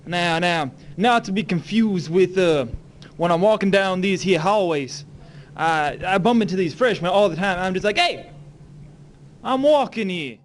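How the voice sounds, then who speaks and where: A man's voice: sits high, normal speed. Playful teenage boy mimicking accents. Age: teens. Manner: playful, slipping into mock accents. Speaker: student presenter. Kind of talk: comic explanation of regional accents.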